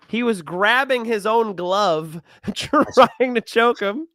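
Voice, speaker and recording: A young man with a high, bright-toned voice talks fights and bets in a blunt, animated way, swearing freely. The sound is dry and close, with no room around it. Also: a little slow, no echo. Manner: animated, blunt, swears often, gets loud when worked up. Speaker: MMA podcast co-host. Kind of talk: casual sports betting chat.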